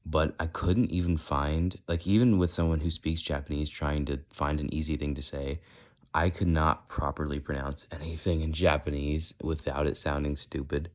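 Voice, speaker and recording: An American man with a very deep voice talks casually while walking in a vlog, at normal speed and in a level tone. He rambles and questions himself along the way, drifting in and out of mock accents.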